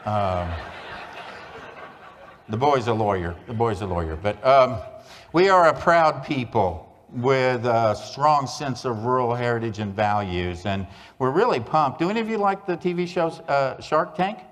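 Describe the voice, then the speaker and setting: A man gives a humorous keynote at a conference, spinning small-town jokes with deadpan timing. His voice sits in a middle register. A long hall reverb trails every line from the stage mic. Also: mid-range voice, measured pace. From Oklahoma. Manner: folksy joke-telling with deadpan punchlines. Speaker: conference speaker.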